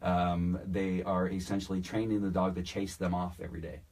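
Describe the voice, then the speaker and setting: A man with a very low, husky voice explains dog training in an easygoing, practical way. He is a podcast guest in casual conversation. The sound is slightly distant. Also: little pitch movement, a little fast, a little mellow. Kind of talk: casual interview.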